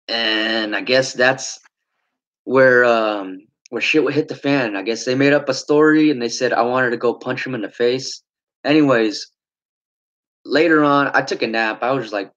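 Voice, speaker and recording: A young man telling a long story in a casual, rambling way, swearing often and filling pauses with "like" and "uh". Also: medium pitch, fairly bright tone, lo-fi sound. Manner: rambling, swearing, frequent fillers.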